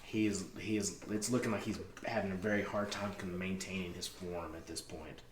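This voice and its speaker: Deep-voiced distant game master, roomy sound. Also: male voice, steady tone, a little fast. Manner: vivid descriptive narration with frequent fillers. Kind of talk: narrating a tabletop game. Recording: roomy, distant mic with clear background noise.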